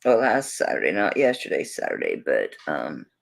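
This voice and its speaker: A woman's voice: rumbling low, wildly swooping pitch, moderate pace, vocal fry, breathy edge, rough recording. A woman from Florida with a Southern US accent, hosting a live jewelry sale and chatting casually while she rambles and talks to herself as she searches her table. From Tampa, Florida, USA. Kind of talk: casual live-stream selling chat.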